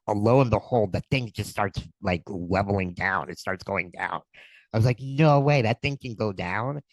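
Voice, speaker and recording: A man, a podcast guest, telling an excited story full of quoted dialogue in casual talk. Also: deep voice, dry recording, rough recording.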